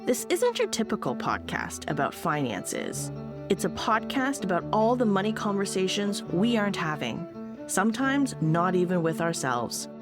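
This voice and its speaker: A woman's voice: mid-range voice, big pitch swings, moderate pace. A woman reading a scripted show intro. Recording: voice over guitar music.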